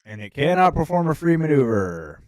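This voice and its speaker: A man's voice: on the high side, big pitch swings, brisk, darkish tone. A man running a tabletop game as game master, casual and laid-back with many ums. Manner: laid-back, lots of ums, frequent laughs.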